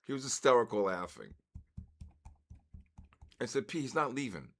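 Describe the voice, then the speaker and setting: A man in his early sixties hosts a live trading stream, chatting loosely with viewers at normal speed. His medium-pitched voice has lively intonation as he jumps between stories and market calls.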